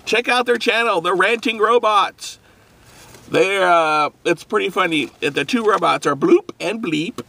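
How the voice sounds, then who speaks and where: A man's voice: high voice, a little slow, vocal fry, bright, forceful tone. A man hosting a casual food review vlog, talking in an upbeat, rambling way and laughing often.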